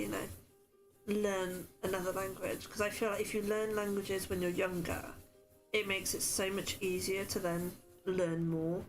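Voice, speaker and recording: A woman's voice: medium pitch, flat delivery, measured pace, soft background music. A woman with a Wiltshire accent chatting casually and self-deprecatingly while making cards on a stream, answering chat messages. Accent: Wiltshire English. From Wiltshire, England.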